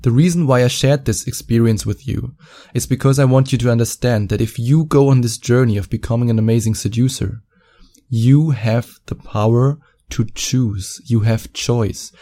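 A man's voice: medium pitch, steady tone, normal speed, warm tone. A man working as a dating coach, telling a story to camera in a mocking, profane way and stretching out words for emphasis.

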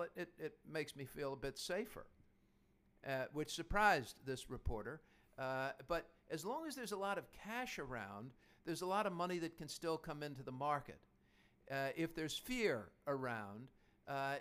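A man's voice: fairly high pitch, a bit bright, smooth. A man in his fifties hosting a podcast, talking casually about investing in a chatty, anecdotal way. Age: 50s. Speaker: podcast host.

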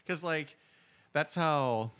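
A man co-hosting a casual podcast chat, talking in a relaxed, reflective way and sharing from his own past. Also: on the high side, very slow, smooth. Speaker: podcast co-host.

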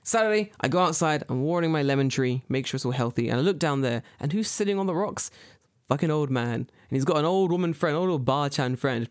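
A man co-hosting a podcast, telling stories in a profane, animated, casual way. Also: on the high side, quick pace, dry recording, clean studio sound. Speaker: podcast co-host.

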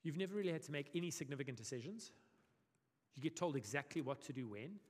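Lively conversational male preacher in a hall. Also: a little high, fast, breathy edge. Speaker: pastor. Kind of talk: sermon. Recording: long hall reverb.

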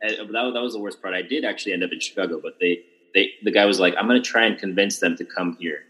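A man's voice: deep voice, fast talker, sharp tone, poor audio. A young man hosting a podcast, telling a long story in casual chat with lots of restarts and fillers. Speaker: podcast host.

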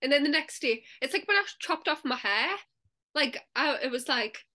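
Chatty woman co-host, high and bright, loose and giggly. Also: lively intonation, moderate pace. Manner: chatty, laughs often, many "like" fillers, acts out inner voices. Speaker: podcast co-host. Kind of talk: casual chat.

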